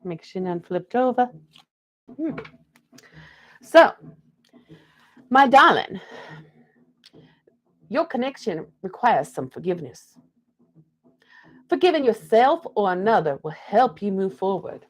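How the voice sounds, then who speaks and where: A woman's voice: mid-range voice, sing-song, normal speed, darkish tone. A young woman from the Pacific Northwest doing a live-stream card reading, talking in a put-on Southern belle drawl and calling viewers darling.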